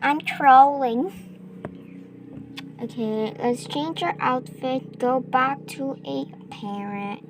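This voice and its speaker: A young woman casually narrating her gameplay, rambling with lots of fillers and excited gasps. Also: high-pitched, slow, a little hiss or hum. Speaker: gaming vlogger. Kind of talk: casual game commentary.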